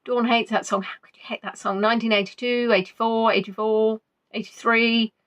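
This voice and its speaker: A woman's voice: on the high side, level tone, fairly quick, a bit bright. A woman hosting a casual quiz stream, chatty and playful as she reads out viewers' answers. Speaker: quiz host.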